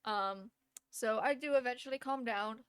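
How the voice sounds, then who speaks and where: Giggly woman streamer, somewhat high voice, dry close sound; casual storytelling. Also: normal speed, clear, resonant tone, no echo. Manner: giggly, laughs often between phrases; chatty, lots of fillers and restarts. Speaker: live streamer.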